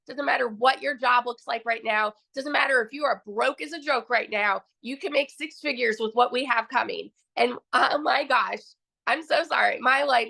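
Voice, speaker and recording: A customer, a young woman, gives a testimonial about her success in an excited, emphatic rush, circling back to repeat her key phrases. Her high voice is bright, forward and gravelly, and she sounds thrilled and fired up throughout.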